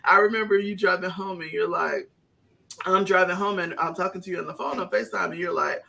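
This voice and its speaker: A woman's voice: on the low side, fairly quick, vocal fry, pushed and bright. A woman co-hosting a podcast, chatting casually with friends and telling a rambling story through frequent laughs. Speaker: podcast co-host. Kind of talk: casual chat among friends.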